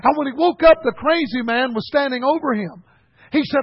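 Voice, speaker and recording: A man preaching a folksy sermon that rises to shouted emphasis. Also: extremely high pitch, moderate pace, vocal fry, dry recording, dull audio.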